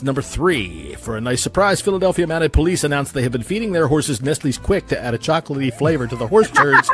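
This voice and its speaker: A man's voice: a little high, a bit bright. Crude, laughing podcast host man. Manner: crude, laughing joke-telling. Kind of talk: casual podcast chat.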